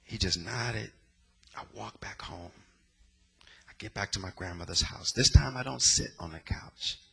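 A man's voice: on the low side, unhurried, vocal fry, a bit bright, breathy edge. A man from the Bay Area giving a dramatic, emotional personal testimony in a sermon, using plain street slang. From San Francisco Bay Area.

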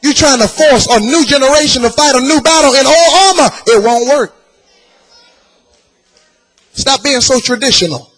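A man preaching a sermon in a shouted, sing-song cadence. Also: very high voice, a little fast.

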